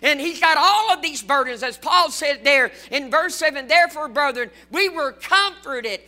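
A man's voice: very high-pitched, lively intonation, normal speed, pushed and bright. A man preaching a fervent sermon, repeating lines and adding folksy asides.

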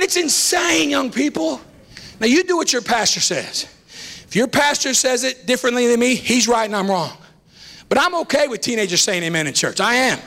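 A man preaching a fiery revival sermon as a visiting preacher, shouting and repeating lines for emphasis. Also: very high voice, creaky. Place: church sanctuary.

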